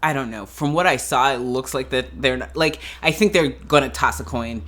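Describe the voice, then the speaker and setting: A woman giving a casual, animated reaction review of a TV episode, ranting in exasperation and laughing as she talks. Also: rumbling low, moderate pace. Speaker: show reviewer. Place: at home in pajamas.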